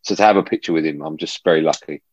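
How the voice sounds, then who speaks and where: A football broadcaster with a very deep voice races through animated stories, restarting frequently, as a guest in a casual chat over a remote call from home. A little hiss or hum runs underneath.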